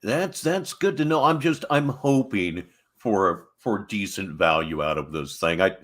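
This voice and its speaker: A man's voice: lowish voice, animated, unhurried, a bit bright. A man hosting a reaction stream, making dry, sarcastic asides and chatting about his guitars. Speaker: host reacting to clips. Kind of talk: casual commentary over a clip.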